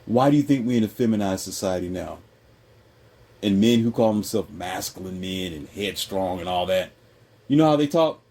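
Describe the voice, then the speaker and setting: A man holds forth in a loose, opinionated chat, his husky voice leaping around in pitch. He slips into mocking impressions, and his tone stays dark and mellow. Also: moderate pace. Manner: animated, mocking impressions, jumps high in pitch. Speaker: host.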